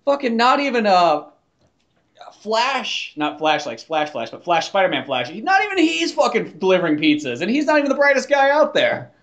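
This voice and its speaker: A man's voice: sits high, huge pitch swings, moderate pace, a bit bright, highs cut off. A man co-hosting a podcast in casual chat. He rambles, swears freely and leans on "like" fillers. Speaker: podcast co-host.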